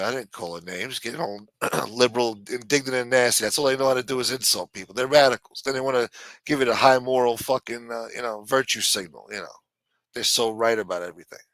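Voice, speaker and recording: Middle-aged man, heated profane rant, bright edge, dry close sound. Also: mid-range voice, no room sound. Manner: blunt, heated, swears constantly. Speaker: live-stream host. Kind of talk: profane ranting monologue.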